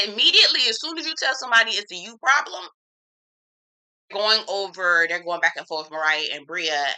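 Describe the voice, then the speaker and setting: A woman's voice: medium pitch, moderate pace, sharp tone, low-quality recording. A woman giving a casual, opinionated recap of a reality TV episode, talking frankly with slang and strong opinions. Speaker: TV reviewer.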